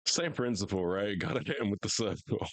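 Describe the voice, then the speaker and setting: A man's voice: on the low side, lively intonation, fairly quick, gravelly, no room sound. A young American man streaming a game, chatting casually in profane, joking banter. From United States. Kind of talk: casual live gaming chat.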